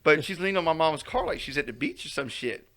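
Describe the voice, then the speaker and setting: A man's voice: a little high, sing-song, fast, fairly bright tone. A man telling a story on a casual podcast, acting out quotes and laughing often. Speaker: podcast co-host.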